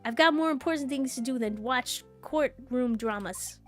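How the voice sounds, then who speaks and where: A woman voicing a menacing, hotheaded male loan-shark thug who talks in rough, ungrammatical street slang. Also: high-pitched, normal speed, soft background music, close to an everyday voice. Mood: threatening. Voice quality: gruff tough-guy street talk.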